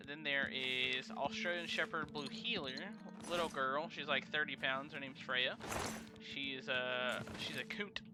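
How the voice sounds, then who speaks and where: A man's voice: on the high side, noisy background. A young man casually commenting on a game during a live stream, laid-back and slangy, rambling between actions. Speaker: let's play streamer. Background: game music.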